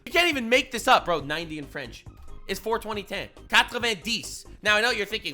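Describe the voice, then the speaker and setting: A young man with a very bright, lively voice rants in a casual reaction stream. He swings from loud outbursts to low mutters, swearing freely. Faint music plays behind him. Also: fairly quick. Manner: loud, swearing, ranting with big swings in loudness.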